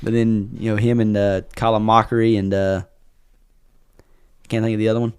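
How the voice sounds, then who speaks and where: Fast-talking podcast guy. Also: lowish voice, little pitch movement, clear, resonant tone. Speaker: podcast co-host. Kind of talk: casual chat.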